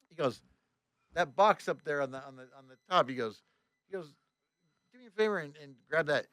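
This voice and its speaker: A man, a tour bus driver, telling a story on a podcast in a casual, animated and profane way, acting out both sides of a conversation. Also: a little high, a little fast, pauses often, clear, resonant tone. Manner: animated, profane, reenacts dialogue with "I go, he goes".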